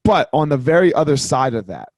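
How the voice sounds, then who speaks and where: A man's voice: fairly high pitch, big pitch swings, a little fast, darkish tone, no room sound. Rambling male podcast host, dry sound. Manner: loose, rambling, swears casually. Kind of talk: casual interview chat.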